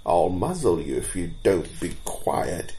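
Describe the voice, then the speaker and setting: A fussy old male deer who tells tales to the fawns, stern and quick to scold, put on by a man reading a storybook. He speaks slowly in a mellow, lowered voice. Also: wildly swooping pitch, vocal fry, a little hiss or hum, full character voice, low-quality recording.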